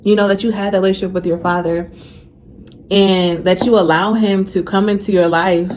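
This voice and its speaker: A woman's voice: medium pitch, a little mellow, slight background noise. A young woman talking casually and earnestly to her viewers in a faith vlog. She repeats phrases for emphasis and becomes emotional when she speaks of her faith. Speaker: faith vlogger. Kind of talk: casual heartfelt vlog talk.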